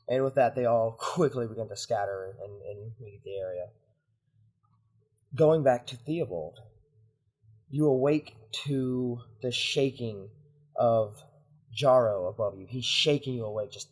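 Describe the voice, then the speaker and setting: A man narrating as game master of a tabletop roleplaying game, in a measured way. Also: mid-range voice, a little mellow.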